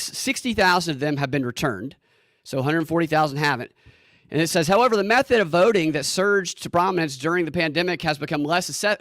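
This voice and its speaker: A man's voice: sits high, fairly bright tone, dry recording, studio quality. A man hosting a solo political commentary show, talking in a sarcastic, emphatic way and often repeating words.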